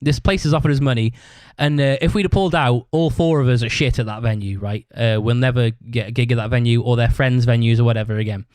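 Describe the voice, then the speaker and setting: A man's voice: medium pitch, steady tone, quick pace, hardly any pauses, clean tone, no room sound. Guy ranting thru a band story, swears a ton, dry close mic. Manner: swears constantly, rambling; acts out other people's shouted lines. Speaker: podcast host. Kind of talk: casual storytelling monologue.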